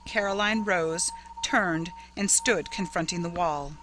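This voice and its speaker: A woman narrating a ghost story in a dramatic, measured audiobook reading. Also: lowish voice, noisy background.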